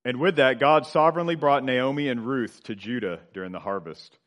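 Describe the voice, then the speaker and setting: A middle-aged man delivers a sermon at an ordinary pitch. He builds to loud, emphatic lines and then sinks to soft, low endings, slowing down on key words. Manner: expressive preaching, swelling louder then dropping low and quiet. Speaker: pastor.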